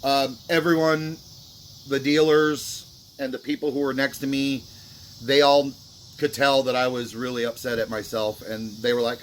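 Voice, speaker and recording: A man's voice: mid-range voice, fairly even intonation, normal speed, slight background noise. Remorseful man rambling to camera. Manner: remorseful, rambling, many fillers. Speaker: vlogger. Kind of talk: casual talk to camera.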